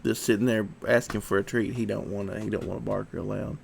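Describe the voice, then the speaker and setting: A man's voice: on the low side, steady tone, fast talker, creaky, a little mellow, husky. Sniffly easygoing man streaming live. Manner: easygoing, chatty, coaxing his dog. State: sniffly from allergies. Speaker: livestream host. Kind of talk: casual livestream chat.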